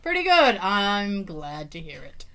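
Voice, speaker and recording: A woman's voice: medium pitch, slow pace. A woman co-hosting a podcast, telling stories in casual chat, laughing often and swearing freely. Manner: laughing, animated storyteller who swears freely. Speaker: podcast co-host.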